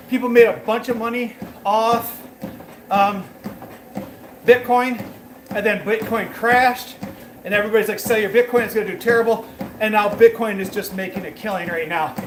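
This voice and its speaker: A high-pitched man chats with viewers while he walks on a treadmill at home, rambling and loose with plenty of fillers. His voice bounces around an echoey room. Steady noise hums behind him. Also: moderate pace. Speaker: fitness livestreamer. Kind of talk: casual chat while working out, talking to viewers.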